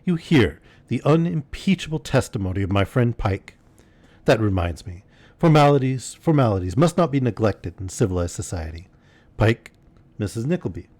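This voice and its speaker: Dude doing a pompous smooth-talking gent, over the top flattering, lowish voice. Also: male voice, moderate pace, dry recording. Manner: pompous, flowery, theatrical.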